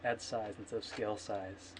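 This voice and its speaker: In a very noisy recording, a man with a lowish voice speaks at normal speed with a flat delivery, streaming his coding session. He mutters, rambles and corrects himself while thinking aloud into a computer mic, and typing and clicks sound in the background of this casual screencast.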